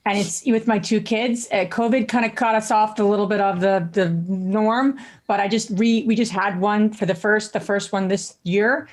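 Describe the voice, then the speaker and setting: A woman co-hosting a podcast, telling a story in an eager, chatty and animated way. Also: mid-range voice, moderate pace. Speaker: podcast co-host. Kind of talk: casual podcast chat.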